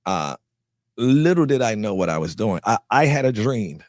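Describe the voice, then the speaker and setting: On the low side and at normal speed, a North Carolina man tells his life story as an actor guest in an interview. He gets animated acting out the people he quotes and tends to repeat words as he restarts, in a dry, clean studio recording.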